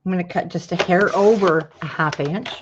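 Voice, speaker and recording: A woman's voice: lowish voice, moderate pace, dull audio, background noise. A woman hosting a casual craft tutorial, talking viewers through measuring and cutting while greeting them by name. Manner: chatty, greets viewers by name mid-task.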